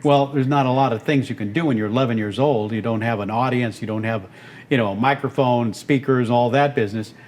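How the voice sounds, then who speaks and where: A man in his seventies from Texas, an animated storyteller and voice actor being interviewed on a podcast. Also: medium pitch, a little fast. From Texas, United States. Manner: animated, breaks into character voices. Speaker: guest, voice actor and radio host.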